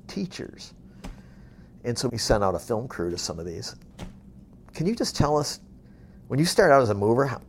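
A man's voice: medium pitch, a little mellow, slight background noise. A man who runs a moving company, telling motivational stories in a blunt, tough-love way, swearing freely and acting out the conversations he retells. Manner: acts out quoted conversations. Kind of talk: motivational storytelling.

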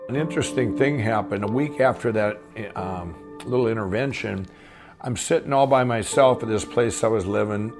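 Gravelly man telling his story. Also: lowish voice, normal speed, over music. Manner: rambling, frequent restarts and fillers. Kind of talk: casual spoken storytelling.

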